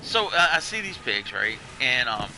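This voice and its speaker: A man from Delaware rambles through a story while gaming with friends, repeating himself and circling back. His voice sits at an ordinary pitch. Game sounds run clearly behind him. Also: sing-song, normal speed, pushed and bright, a little hiss or hum, poor audio. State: has been drinking. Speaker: gamer telling a story. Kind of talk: casual chat while gaming.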